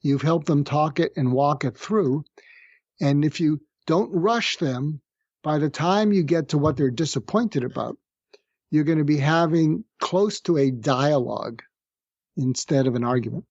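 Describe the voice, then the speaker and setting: A middle-aged man with a somewhat high voice explains conflict techniques calmly and methodically, slowing down to act out example lines. The sound is dry and a little muffled, as if over a remote link. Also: dry recording. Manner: calm, explanatory, acts out sample phrases slowly. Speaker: psychiatrist guest. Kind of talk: conversational podcast interview. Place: room with street noise outside.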